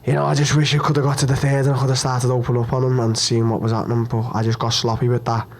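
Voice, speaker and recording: A young man speaks at a post-fight press conference, his voice at an ordinary middle pitch. He is upset and hurt after losing, and talks bluntly and haltingly, repeating himself and swearing as he goes. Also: little pitch movement.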